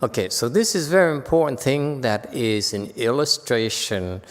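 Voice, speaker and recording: A man's voice: medium pitch, expressive, normal speed. A man teaching a Buddhist dharma lecture in a chatty, joking way that keeps checking in with the audience. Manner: chatty, often checks in with "okay?"; joking asides. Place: temple lecture hall. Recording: long reverb in a hall.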